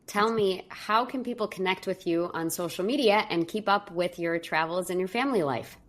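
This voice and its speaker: A woman hosting a podcast interview, a lively storyteller who acts out the voices in her stories. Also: fairly low pitch, moderate pace. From New York. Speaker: podcast host.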